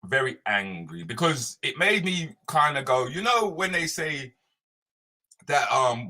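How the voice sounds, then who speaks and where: A man's voice: medium pitch, unhurried. A man hosting a live stream as a comedian, chatting loosely and greeting viewers by name. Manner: animated, loose, slangy, talks straight to viewers by name.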